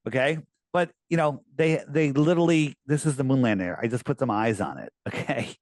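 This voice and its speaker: Animated, persuasive man talking close-mic. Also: mid-range voice, a little fast, no echo. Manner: animated, persuasive, rambling with restarts. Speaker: interviewee, flat-earth promoter. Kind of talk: casual video interview.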